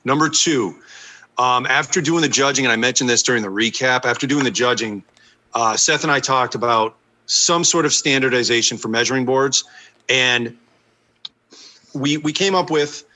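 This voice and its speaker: A man's voice: medium pitch, moderate pace, sharp tone, low-quality recording. A man co-hosting a podcast in casual chat, easygoing and explaining things step by step. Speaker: podcast co-host.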